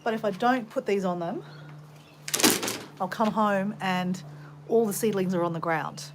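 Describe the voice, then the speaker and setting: A woman's voice: medium pitch, unhurried, heavy background noise. A woman with an Australian accent, chatting in a rambling way to live viewers while she gardens at home. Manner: chatty, rambling storyteller, greets viewers mid-sentence. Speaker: vlogger.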